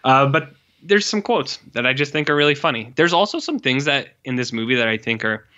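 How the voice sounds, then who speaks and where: Bright-voiced man chatting animatedly. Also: medium pitch, a little fast, highs cut off. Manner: animated, swears, re-enacts movie lines with exaggerated reactions. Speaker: podcast co-host. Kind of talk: casual film chat.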